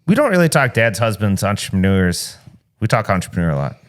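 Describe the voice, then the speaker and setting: Deep-voiced, laid-back male podcast host. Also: very animated, brisk. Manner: laid-back, steers the talk to business. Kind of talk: casual business podcast chat.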